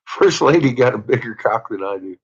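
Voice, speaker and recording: Man, husky voice, swooping pitch, giggly and profane, dull lo-fi recording. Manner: giggly, profane, keeps breaking into laughter. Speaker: podcast host. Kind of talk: casual chat.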